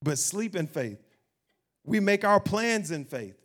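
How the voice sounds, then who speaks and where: A man preaching an animated sermon as pastor, acting out doubting voices and laughing along the way. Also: high voice, slow.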